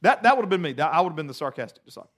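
A man with a high voice delivers a sermon, telling the story with animated humor. His delivery is lively and conversational, with jokes dropped in along the way. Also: very fast. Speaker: preacher.

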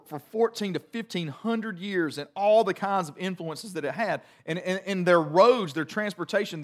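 A middle-aged male pastor preaching with a relaxed, conversational warmth of storytelling. His voice sits a little higher than most men's, and he talks in an animated, self-deprecating way. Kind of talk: sermon.

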